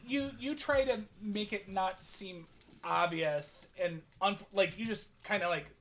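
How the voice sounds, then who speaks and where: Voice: medium pitch, measured pace, a bit bright. A game master narrating a tabletop role-playing game in a loose, rambling way, full of fillers and restarts.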